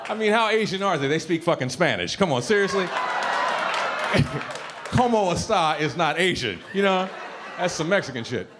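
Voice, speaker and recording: Lively stand-up comic man on stage. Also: a little high. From Ohio. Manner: animated, punchy delivery with asides to the crowd. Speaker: stand-up comedian. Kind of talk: stand-up comedy set. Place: comedy club stage, audience laughing. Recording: live club recording with audience noise.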